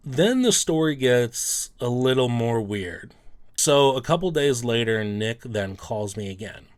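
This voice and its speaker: A man's voice: mid-range voice, animated, unhurried. A sports card collector, a man, telling a personal story in a loose, rambling way, full of "um" and "you know".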